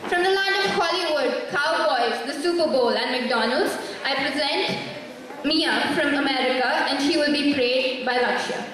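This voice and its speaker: A young woman on a school stage introducing the cast in bright, expressive scripted announcing. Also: sits high, moderate pace, distant mic. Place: large school hall stage. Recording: echoey hall, from afar.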